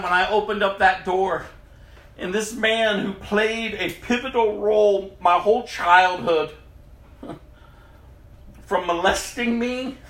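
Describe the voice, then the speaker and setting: A man with a high, forceful voice gives a personal testimony slowly and deliberately. He tells it dramatically, swinging from loud outbursts to hushed tones. The room around him is echoey. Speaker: speaker giving a personal testimony. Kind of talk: emotional testimony to an audience.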